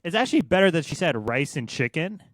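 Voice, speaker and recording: A man's voice: fairly high pitch, sing-song, quick pace, no room sound. A young man co-hosting a casual podcast, offering crude, opinionated banter. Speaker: podcast co-host. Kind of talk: casual chat.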